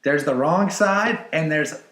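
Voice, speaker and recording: A man's voice: a little high, slow pace, fairly bright tone. A young man co-hosting a podcast in casual chat, teasing and mock-boastful. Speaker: podcast co-host. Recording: echoey room.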